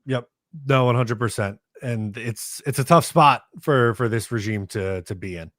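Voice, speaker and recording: A relaxed man hosting a casual sports talk show. He goes over play data and reads out listener comments in an easygoing way. The recording is dry and close. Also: medium pitch, moderate pace, no echo. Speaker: podcast host.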